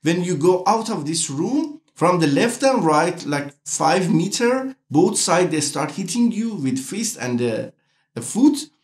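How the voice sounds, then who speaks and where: A man from Iran, giving a documentary interview in halting English full of restarts. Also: high-pitched, very animated, reverberant. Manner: halting non-native English with frequent restarts. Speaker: interviewee artist.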